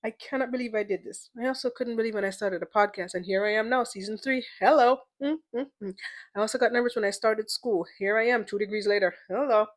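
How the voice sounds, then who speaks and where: A woman's voice: a little high, fast talker. A young adult woman hosting her own podcast, chatty, playful and a little emotional, repeating words for emphasis. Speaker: podcast host. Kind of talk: casual solo podcast monologue.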